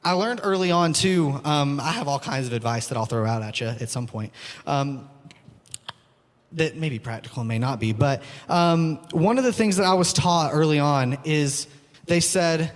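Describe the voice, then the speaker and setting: A man's voice: fairly high pitch, animated, normal speed. Earnest man preaching in a reverberant hall. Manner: earnest, pleading, repeats phrases. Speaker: preacher, school teacher. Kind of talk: sermon. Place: church hall.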